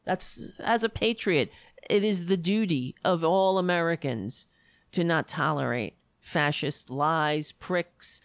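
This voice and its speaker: Woman livestream host, slow-paced, lively pitch, blunt and profane, dry close mic. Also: no room sound. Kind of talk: casual political commentary.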